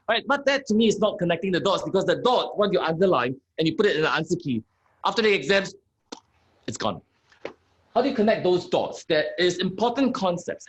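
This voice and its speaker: Animated keynote speaker, a man. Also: sits high, poor audio. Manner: animated, rhetorical questions to the audience. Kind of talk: lively keynote talk with guests.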